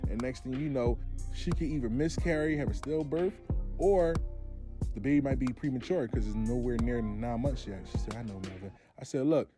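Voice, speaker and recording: A man's voice: mid-range voice, normal speed, over music. A man hosting his own show, telling a long personal story and acting out both sides of the phone calls. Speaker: host. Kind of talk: storytelling monologue.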